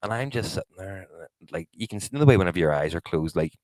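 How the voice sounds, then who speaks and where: A man's voice: low-pitched, lively intonation, fast, a little mellow, dry recording, rough recording. A man co-hosting a podcast, telling a story with lots of swearing and acted-out quotes. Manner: swears a lot, acts out quotes, laughs often. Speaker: podcast co-host. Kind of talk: casual storytelling chat.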